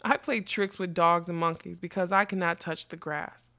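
A woman's voice: on the low side, steady tone, moderate pace, pushed and bright. A woman reading a storybook, voicing a scheming old carnival witch with a sweet, smoky, mocking voice. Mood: raging. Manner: mocking, snarling when crossed.

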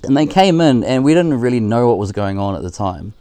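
A man's voice: mid-range voice, expressive, fairly quick, mellow, smooth, no echo. A man in his thirties or forties, a podcast guest, chatting casually in a rambling, frank way with lots of fillers and swearing. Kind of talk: casual chat.

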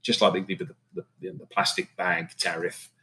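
A man's voice: sits low, normal speed, slight background noise, low-quality recording. A middle-aged man, a catering business owner, chatting casually in an interview with lots of fillers and restarts. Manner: relaxed, rambling, many fillers and restarts.

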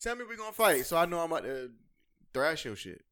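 A man's voice: on the high side, sing-song, fast, fairly bright tone. A man with a Southern US accent, co-hosting a podcast and making his points in emphatic, repetitive casual banter. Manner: emphatic, repeats himself. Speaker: podcast co-host.

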